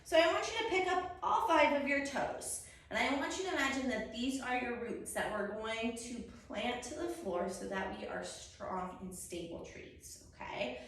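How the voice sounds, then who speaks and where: A woman's voice: a little high, expressive, moderate pace, a bit bright. A young woman leading a children's yoga story time, upbeat and encouraging, with sing-song sound effects. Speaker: kids yoga instructor. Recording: echoey room, distant mic.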